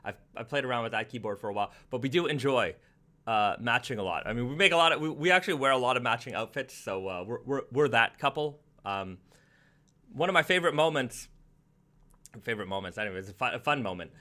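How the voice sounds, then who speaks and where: Male livestream host, casual home chat, bright timbre, mid pitch, rambling restarts. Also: animated, fast. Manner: chatty, repeats words and restarts often. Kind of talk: casual live stream chat.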